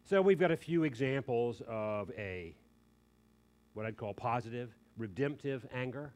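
With a mid-range voice, a man preaches a sermon in an emphatic, animated way, slipping in quick joking asides.

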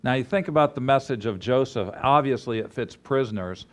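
A man's voice: mid-range voice, brisk. A man preaching to a gathered group, telling a story with acted-out dialogue. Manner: animated storyteller, acts out dialogue. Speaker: ministry leader teaching a course. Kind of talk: sermon with storytelling.

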